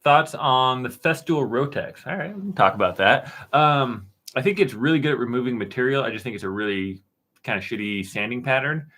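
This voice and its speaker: A man in his thirties hosting a casual live stream, answering chat questions in a relaxed, rambling way with plenty of fillers and restarts. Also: medium pitch, a little fast. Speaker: woodworking channel host answering live chat. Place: dark-painted home studio room.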